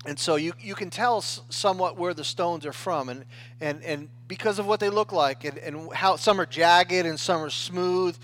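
High-voiced man preaching conversationally. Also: moderate pace, a bit bright, slight background noise. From United States. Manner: conversational preaching with frequent "right?" and restarts. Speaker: pastor. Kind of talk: sermon.

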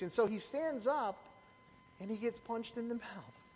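A middle-aged man preaches to his congregation in a high, light voice. He tells his stories with animation and keeps asking the room rhetorical questions. His words ring out with a long reverb through a church hall. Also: lively intonation, unhurried, darkish tone, slightly rough. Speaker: pastor. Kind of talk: sermon.

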